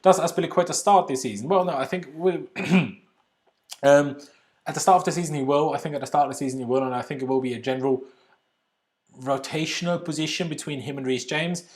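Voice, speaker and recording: A young YouTube channel host runs a live stream Q&A about football, reading out chat questions and answering them in a chatty, opinionated manner. His voice is fairly high and his pace fairly quick.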